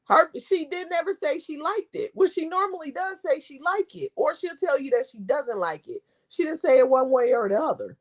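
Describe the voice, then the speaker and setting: A woman vlogger chatting casually, telling a story in an animated way, mimicking people and laughing often. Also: sits high, normal speed, few pauses. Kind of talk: casual chat.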